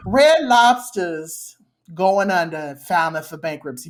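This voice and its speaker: Woman podcast co-host, casual and playful, even middle pitch. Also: moderate pace. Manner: animated, laughing, playful.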